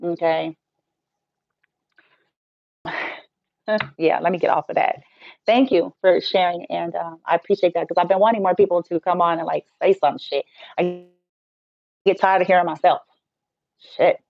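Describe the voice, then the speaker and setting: A woman's voice: on the low side, fairly even intonation, moderate pace, gravelly, long pauses, dry recording. Woman, spiritual healer, casual stream rant, blunt, profane, teasing, dry close sound, somewhat muffled. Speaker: Reiki healer and spiritual teacher.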